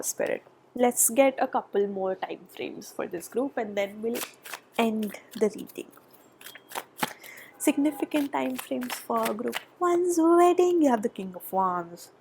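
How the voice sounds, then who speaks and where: A woman doing a pick-a-pile tarot reading, chatty and thinking aloud, with soft murmured asides and a nasal voice from a cold. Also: a little high, breathy edge. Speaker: tarot reader. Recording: background noise.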